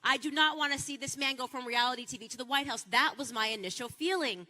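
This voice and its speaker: A woman speaks in a high, piercing register, sharp and forceful in tone. She delivers a passionate political speech. She repeats lines for punch and climbs to near-shouting peaks. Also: in a large hall. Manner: repeats phrases for rhetorical punch.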